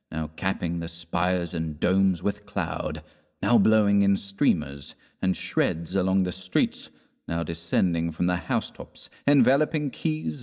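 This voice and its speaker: A man narrating a classic horror story in a measured, dramatic storytelling manner. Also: lowish voice, darkish tone, long reverb tail. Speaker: audiobook narrator.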